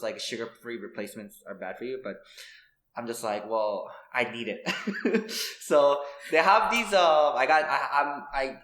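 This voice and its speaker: A man's voice: medium pitch, fairly bright tone. A young man in his twenties co-hosting a podcast, chatting casually with lots of fillers, restarts and easy laughter. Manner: rambling, filler-heavy, laughs easily. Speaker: podcast co-host. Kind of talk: casual chat. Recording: echoey room.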